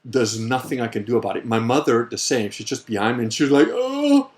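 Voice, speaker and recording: A man hosting a casual Q&A livestream, telling a story in a rambling, animated way and swearing freely. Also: mid-range voice, fast. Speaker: host answering viewer questions.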